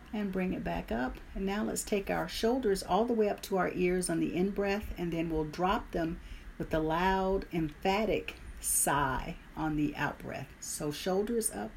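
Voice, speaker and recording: A woman leading a guided meditation and stretching session, calm and instructive with light humor. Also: mid-range voice, vocal fry, slight background noise. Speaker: meditation leader.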